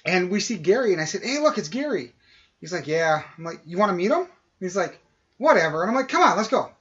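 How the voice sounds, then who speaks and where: Speaking fast in a voice that sits high, a man co-hosting a podcast recounts a long casual story and acts out what people said along the way. The recording is dull and lo-fi.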